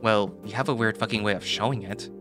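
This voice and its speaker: A man's voice: on the low side, quick pace, close to an everyday voice. A man voicing a small, bitter young male fighter with a biting, sarcastic delivery. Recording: voice over loud background music.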